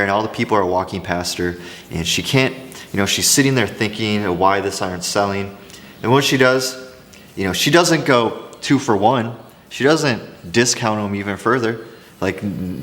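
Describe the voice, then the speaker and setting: A man's voice: lowish voice, long reverb tail. A man sharing business advice in a casual, rambling talk to camera, telling stories with frequent restarts. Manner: rambling, restarts often, animated storytelling. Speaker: craft business coach.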